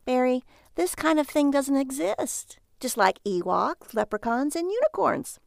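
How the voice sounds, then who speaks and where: A woman's voice: high voice, lively intonation, a little slow, creaky, no echo, studio quality, pitched above the performer's own voice, full character voice. A woman voicing a sarcastic, exasperated wife. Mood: scolding. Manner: sarcastic and scolding. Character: exasperated sharp-tongued wife.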